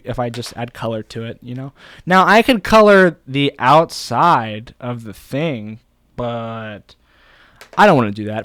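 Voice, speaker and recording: A man's voice: mid-range voice, no echo. A young man vlogging casually, thinking aloud in a rambling, playful way. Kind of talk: casual talking to camera.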